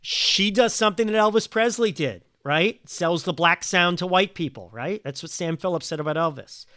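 Podcast co-host, male, slightly high voice, bright and crisp, opinionated and talkative. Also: normal speed, dry recording, studio quality. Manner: opinionated, builds a long argument. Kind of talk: casual chat.

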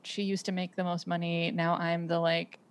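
Her voice sits on the low side with a level tone and moderate pace. She's an adult with kids, a guest on a podcast, musing casually and thoughtfully while leaning on "um" and "like" and frequently starting over.

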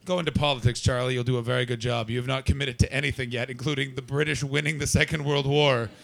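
Gravelly comic, brash and profane. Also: male voice, mid-range voice, fairly even intonation, fast, a bit bright. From Canada. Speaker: stand-up comedian. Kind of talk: stand-up crowd work.

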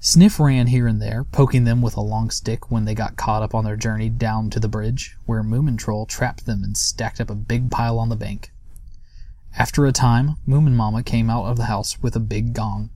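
A man's voice: lowish voice, steady tone, moderate pace, dark tone, no room sound. Man reading a storybook aloud. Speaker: narrator.

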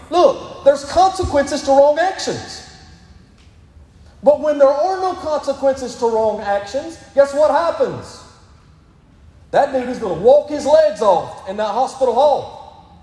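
Emphatic high-voiced pastor preaching in a hall. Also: male voice, darkish tone. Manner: emphatic, repeatedly urging "listen". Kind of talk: sermon. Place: church sanctuary. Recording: echoey hall.

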